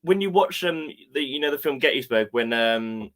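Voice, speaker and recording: A man's voice: mid-range voice, lively intonation, moderate pace, a bit bright. A man chatting casually over drinks, chuckling and swearing freely.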